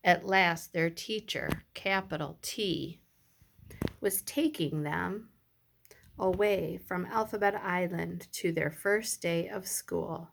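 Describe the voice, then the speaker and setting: A woman teacher reading a picture book aloud to young children, pausing to ask them questions. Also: lowish voice, vocal fry, background noise. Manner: gentle, slow, addresses the children directly.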